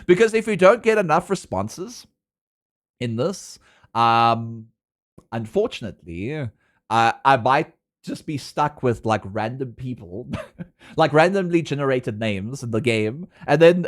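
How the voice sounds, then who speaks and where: A man's voice: medium pitch, big pitch swings, unhurried. A young man with a South African accent, a streamer chatting casually and playfully with his viewers, laughing often. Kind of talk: casual chat with a live stream audience.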